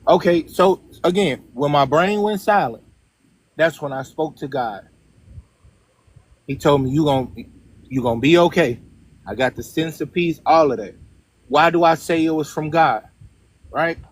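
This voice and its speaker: A man, a guest on the show, earnestly telling a personal story in a casual, emphatic way and often checking in with his listeners. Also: fairly high pitch.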